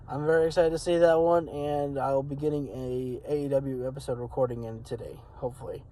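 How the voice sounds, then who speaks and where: Speaking to camera on his wrestling channel, a man rambles casually and uses many fillers, his voice cracking slightly. It is medium-pitched, a little fast and dark in tone, and the recording is low quality.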